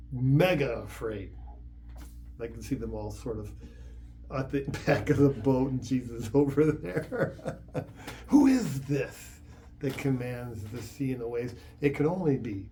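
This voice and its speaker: Parish priest, man, mid-pitched and unhurried, chatty homily full of restarts. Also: warm tone, slight background noise. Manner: conversational, with frequent repeats and chuckles. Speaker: Catholic priest. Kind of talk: informal homily.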